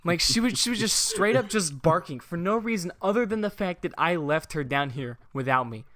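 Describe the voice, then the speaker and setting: A man's voice: sits high, expressive, brisk, a bit bright, dry recording. Swearing young guy, rambling. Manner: rambling storytelling with heavy swearing. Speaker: podcast host. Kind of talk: casual podcast chat. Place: room above a garage.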